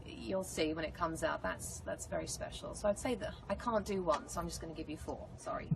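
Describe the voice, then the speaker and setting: A woman with an English accent, an actress answering fan questions in a casual, animated live chat. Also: low voice, fairly quick, vocal fry. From England. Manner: bubbly, animated storytelling. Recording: noisy live stream audio.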